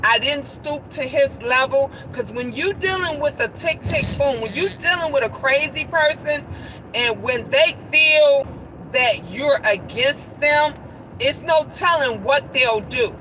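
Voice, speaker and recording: A woman, telling a story in a casual vlog, animated and repeating herself, outdoors by traffic. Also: sits high, a little slow. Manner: animated storytelling, repeats phrases, quotes others. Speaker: vlogger.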